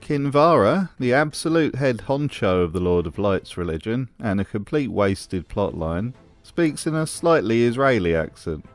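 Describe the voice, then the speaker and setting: A man's voice: medium pitch, very animated, normal speed, hardly any pauses, soft background music. A man delivering scripted commentary as a video host, in a dry, mocking manner.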